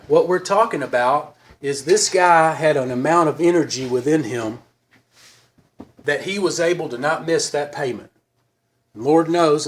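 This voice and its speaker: A man speaking to a recovery group in a halting, earnest way, often pausing to search for words. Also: medium pitch, a little hiss or hum. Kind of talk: personal recovery talk to a group.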